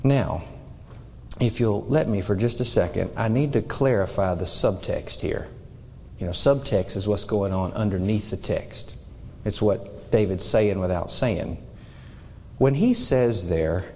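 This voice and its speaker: A man's voice: medium pitch, animated, a little slow, mellow, in a large hall. A man preaching a sermon to his congregation, earnest, putting questions straight to his listeners. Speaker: pastor. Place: church sanctuary.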